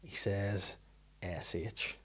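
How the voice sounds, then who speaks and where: A man's voice: on the low side, fairly even intonation, extremely slow, pushed and bright, slightly rough. Man, 30s, podcast host; casual, laughing storyteller. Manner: storytelling, laughs often, swears freely. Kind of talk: casual chat.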